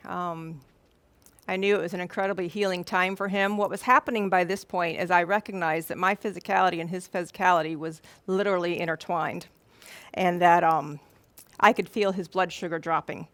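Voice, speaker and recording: A middle-aged woman telling a personal story to a live audience, earnest and animated, repeating words for emphasis. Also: medium pitch, no echo. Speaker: speaker. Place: event room or hall with an audience.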